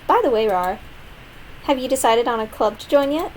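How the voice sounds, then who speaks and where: A woman voicing a bubbly, carefree teenage schoolgirl while reading game dialogue aloud, with a high, drawn-out, sing-song delivery. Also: expressive, slight background noise, natural voice, poor audio. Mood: teasing.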